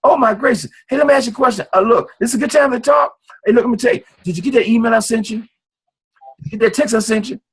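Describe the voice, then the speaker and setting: A man acting out an excited caller who pushes a friend to watch a video right away. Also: breathy edge. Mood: eager. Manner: high-energy, eager, rapid-fire. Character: upbeat, pushy man making a sales call.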